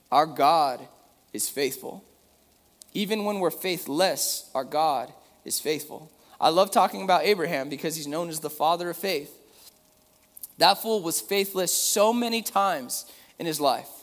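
A man's voice: on the high side, big-room sound. A young man preaching a sermon in a casual, talky way, reading scripture passages aloud with emphasis.

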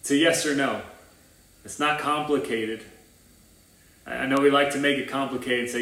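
Speaking at a normal speed with frequent pauses, a man with a mid-range, fairly bright voice gives a livestreamed sermon as a new church's pastor. The room echoes around him as he talks earnestly and informally, with restarts and side remarks.

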